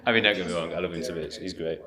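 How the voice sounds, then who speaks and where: An English man talking casually to camera, blunt and rambling, swearing freely, at home in his flat. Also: low-pitched, very fast, a crowd in the background. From England. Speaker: vlogger. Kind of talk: casual vlog monologue. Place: flat with a balcony.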